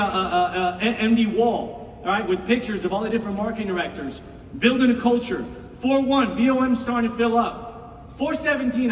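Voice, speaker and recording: Middle-aged man, motivational speaker, impassioned, very high voice, distant mic. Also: a little hiss or hum. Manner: impassioned, swings from shouting to hushed. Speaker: business team leader speaking to recruits. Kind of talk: motivational speech. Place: large meeting room with an audience. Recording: echoey hall, mic far off.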